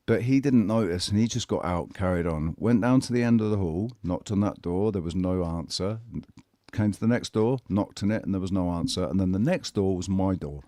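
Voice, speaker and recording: A man's voice: sits low, mellow, dry recording, studio quality. A man telling a personal story in casual chat, blunt and candid, swearing and often restarting his sentences. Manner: halting, with frequent restarts.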